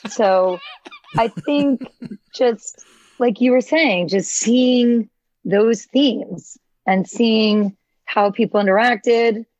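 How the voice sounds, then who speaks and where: A woman co-hosting a podcast, telling an animated story in casual chat and laughing often. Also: on the high side, very slow, dry recording. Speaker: podcast co-host. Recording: dry, dull lo-fi sound.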